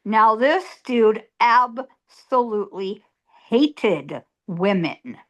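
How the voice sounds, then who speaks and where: A woman's voice: on the high side, lively intonation, drawn-out words, fairly bright tone. A middle-aged woman, a psychic medium, telling a story as an interview guest in an emphatic way, repeating words for effect.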